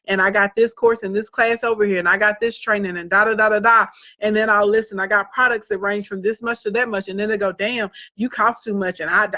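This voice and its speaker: A woman's voice: mid-range voice, bright, forceful tone. A woman with a Southern US accent, a business coach talking bluntly and sassily to viewers in a casual live stream. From Southern United States. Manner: sassy, blunt and talkative.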